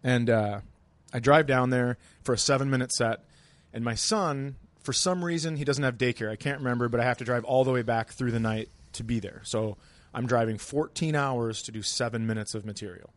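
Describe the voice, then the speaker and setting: A man's voice: mid-range voice, fairly quick, no echo. A man casually telling a long anecdote in a laid-back, dry way, as a podcast guest. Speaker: stand-up comedian guest. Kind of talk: casual storytelling.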